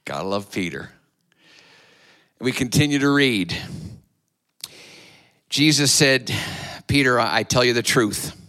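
A man's voice: medium pitch, expressive, slow, long pauses, sharp tone. A man preaching a sermon to his church, retelling a story dramatically and acting out the voices. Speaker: pastor.

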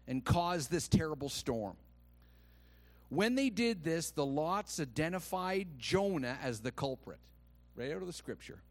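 A man preaching a sermon, telling a personal story and reading scripture, with quiet asides that swing to loud, rising exclamations, and he acts out the quoted voices. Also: fairly high pitch, sing-song, unhurried. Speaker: pastor.

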